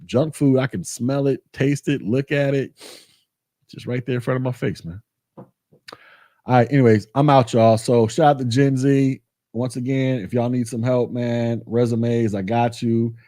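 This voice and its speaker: Male vlog host, warm and dark in tone, chatty and animated, recorded dry. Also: medium pitch, normal speed, no room sound. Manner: animated storytelling, colloquial, repeats himself. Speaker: tech channel host. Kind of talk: casual vlog chat.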